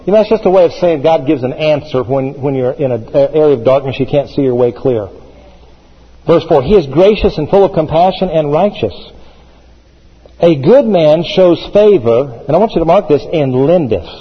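A man's voice: a little high, moderate pace, slightly rough, long reverb tail, dull audio. A man, a pastor, preaching a sermon with emphasis, repeating phrases as he builds.

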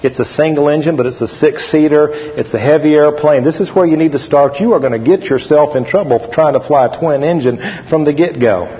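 A preacher putting on a gruff, brash big pastor. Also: male voice, on the high side, a little fast, hardly any pauses, lightly acted. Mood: lecturing. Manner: loud, brash, straight-talking. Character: gruff blunt big male pastor pilot. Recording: dull echoey hall recording.

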